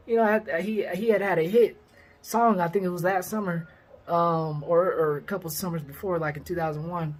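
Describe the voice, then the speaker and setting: A man in his thirties from the Sacramento area of California, casually telling a personal story with lots of fillers and lively quoted dialogue. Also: high voice, a little fast. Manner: rambling, heavy on fillers, lively when quoting others. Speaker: vlogger.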